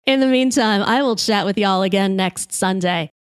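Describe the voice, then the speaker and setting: A woman podcast host telling a comic story in a lively, brash way, swearing freely. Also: mid-range voice, normal speed, smooth, dry recording, clean studio sound.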